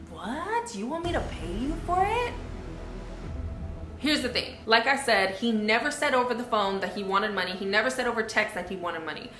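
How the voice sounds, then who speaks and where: A woman's voice: fairly high pitch, sharp tone, roomy sound. A young woman vlogger telling a storytime vlog in an indignant, conversational way, with many fillers.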